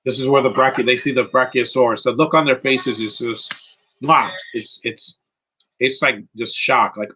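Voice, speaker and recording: A man talks through a film he loves, rambling and near tears, tacking "man" onto his sentences. His voice is husky and bright. He chats casually, as if to friends. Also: medium pitch, fairly even intonation, moderate pace, poor audio. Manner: emotional, rambling, frequent "man". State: teary, close to crying. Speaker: movie commentator. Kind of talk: casual live film commentary.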